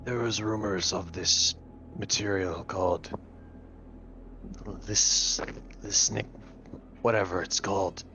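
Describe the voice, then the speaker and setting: A man playing a grown-up hulking creature in a mechanical suit, his voice deepened by a voice changer, grim and suspicious in a tabletop role-play. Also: fairly even intonation, takes it slowly, long pauses, sharp tone, a little hiss or hum, heavily acted.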